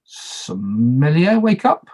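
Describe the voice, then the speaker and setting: A man's voice: a little high, very animated, slow, darkish tone. Casual man moderating a party game. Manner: casual, chatty, repeats instructions, self-deprecating asides. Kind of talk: running an online party game over video call. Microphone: video call.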